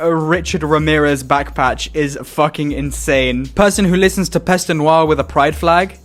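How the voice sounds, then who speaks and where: A man's voice: on the high side, normal speed, few pauses. A young man hosting a casual reaction video, swearing a lot, mocking what he sees and laughing often.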